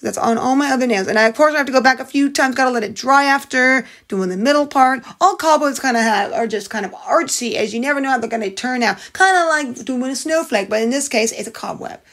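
A woman's voice: high voice, fast talker, hardly any pauses, a bit bright. A woman narrating a casual nail art tutorial in a chatty, upbeat way, with rambling asides.

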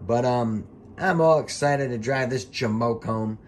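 A medium-pitched male voice with a little hiss or hum belongs to a middle-aged former wrestling referee. He gives chatty, rambling commentary over old matches, cursing freely and getting fired up in a hurry.

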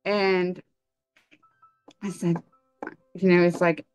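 A young woman telling her personal testimony in conversation, halting and full of ums and likes. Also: fairly low pitch, level tone, smooth, soft background music.

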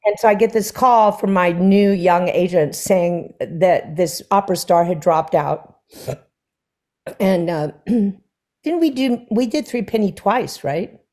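A woman singer, guest in an onstage conversation before an audience, takes her time, her voice sitting in the mid-range. She's an animated storyteller, voicing quoted dialogue and punctuating her anecdotes with laughter.

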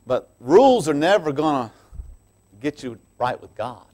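A man preaching a sermon as pastor in a church, swinging from quiet asides to loud, emphatic passages and laughing between lines. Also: on the high side, very animated, measured pace.

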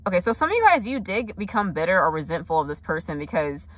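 A chatty young woman giving a tarot reading with a slightly low voice. She talks loosely and casually, full of fillers, quick asides and mock quotes of what others say. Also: very animated. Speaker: tarot reader.

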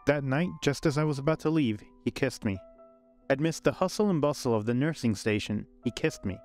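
Man, storyteller, calm narration, mid pitch, soft music underneath. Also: a little fast. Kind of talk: scripted first-person story narration. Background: faint background music.

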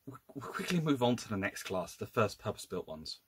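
A man's voice: on the low side, sing-song, brisk, slightly rough, no room sound. A man, a naval historian, giving an informal illustrated lecture with wry, exasperated asides and frequent self-corrections.

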